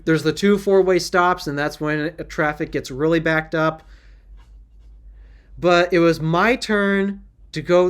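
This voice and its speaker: A man co-hosting a casual podcast, with a slightly high voice. He tells stories earnestly and rambles, restarting his sentences as he goes. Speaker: podcast co-host.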